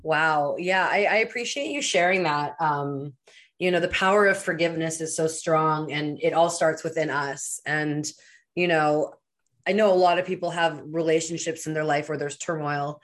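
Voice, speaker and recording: Low-voiced woman podcast host. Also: normal speed. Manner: warm encouraging interviewer, reflective. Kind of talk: casual interview.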